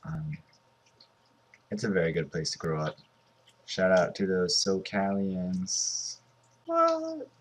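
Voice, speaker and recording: A man's voice: deep voice, fairly even intonation, slow pace, long pauses. A man in his twenties from Southern California, giving casual, rambling commentary over a mobile game. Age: 20s. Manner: rambling and offhand.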